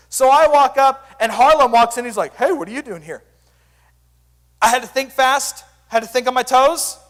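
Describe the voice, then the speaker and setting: A young man speaking as a youth pastor, giving an energetic, joking sermon full of stories. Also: very high voice, big-room sound. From Sand Springs area, US.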